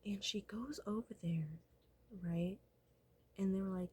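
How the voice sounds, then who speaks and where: Husky-voiced woman, casual vlog storyteller, profane and whispery. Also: medium pitch, measured pace, dark tone. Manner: profane, rambling, often drops to a whisper.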